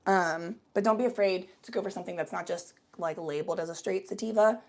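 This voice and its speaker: A young American woman with a lowish, slightly mellow voice talks fast as she hosts a casual livestream. She chats loosely and playfully with viewers, reading their comments aloud and using lots of fillers.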